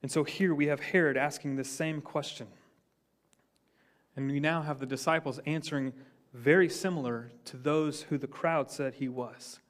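A man preaching a sermon in a slightly high voice. He speaks earnestly, lifting his voice on key points and letting it fall low on the quieter lines. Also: steady tone, moderate pace. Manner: earnest preaching, rising for emphasis then dropping low. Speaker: pastor.

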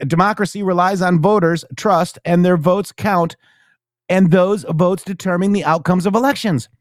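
A man hosting a casual political talk show, reading news aloud in a high, animated voice and dropping low and mumbly when thanking viewers. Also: dry recording, clean studio sound. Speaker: show host.

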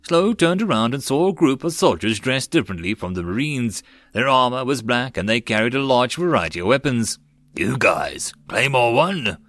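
A man narrating a web novel audiobook in a steady storytelling manner. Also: medium pitch, fairly quick, no room sound.

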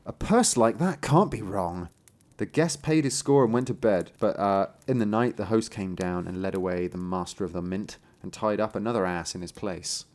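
A man's voice: sits low, brisk, few pauses, a little mellow. A man reading a fairy tale aloud in a casual, joking way, putting on voices for the characters and laughing often.

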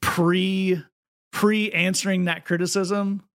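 Male co-host, higher voice, wry and rambling. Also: little pitch movement, slow pace. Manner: chatty, wry, repeats words as he starts sentences. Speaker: podcast co-host. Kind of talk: casual chat.

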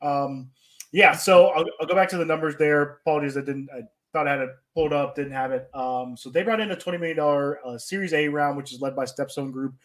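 Male podcast host, slightly higher voice, relaxed chatty delivery. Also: a little fast. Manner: loose and conversational, many fillers and restarts. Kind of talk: casual sports-tech chat.

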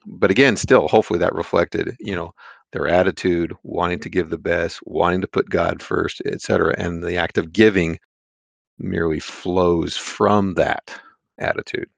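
A man co-hosting a conversational Bible study discussion, citing scripture in a measured way with frequent fillers. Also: deep voice, steady tone, creaky, no room sound.

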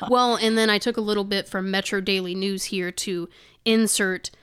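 A woman's voice: medium pitch, fairly even intonation, normal speed, fairly bright tone, smooth. A woman co-hosting a casual podcast, reading news excerpts aloud and adding indignant, sarcastic comments. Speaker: podcast co-host.

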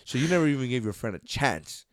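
A man's voice: medium pitch, animated, fast, no echo, studio quality. A man in his thirties co-hosting a casual chat with his wife, joking and teasing as he retells a story. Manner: joking, swears freely, teasing. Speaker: podcast co-host.

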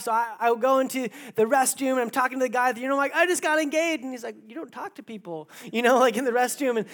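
Animated man preaching a sermon. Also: high-pitched. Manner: animated storytelling, acts out quoted lines. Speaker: pastor. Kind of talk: sermon with personal story.

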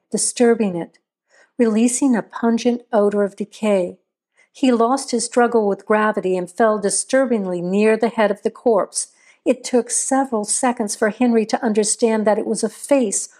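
A woman reading a scripted horror story aloud in a measured, steady storytelling voice. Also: a little high. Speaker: narrator.

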